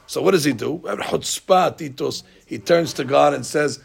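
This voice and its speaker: Man, Torah teacher, gravelly, husky, fairly high voice, lively storytelling. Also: normal speed, hardly any pauses. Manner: animated storyteller, acting out lines with rising shouts. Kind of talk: Talmud class storytelling.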